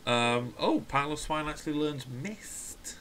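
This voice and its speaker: A man player on a casual game stream who speaks in a relaxed, offhand way and swears casually. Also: a little high, slow pace, slight background noise. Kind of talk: casual livestream chat.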